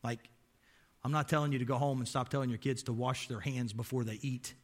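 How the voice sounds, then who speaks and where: A man's voice: medium pitch, fairly even intonation, fairly quick. A man preaching a sermon as pastor, emphatic and quizzing his listeners with rhetorical questions, with folksy, wry asides.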